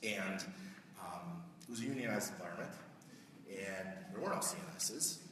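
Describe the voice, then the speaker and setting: A man's voice: low voice, moderate pace, noisy background. A middle-aged man giving a conversational conference keynote, often asking the audience questions. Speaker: keynote speaker. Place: large conference hall. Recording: echoey hall recorded from far off.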